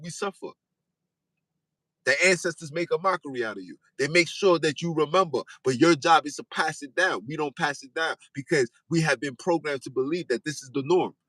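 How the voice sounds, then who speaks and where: With a fairly high pitch and a slightly quick delivery, this male podcast host keeps repeating himself and pressing his point, his raised voice climbing into shouts. His fiery preaching monologue comes through a rough recording with no room sound.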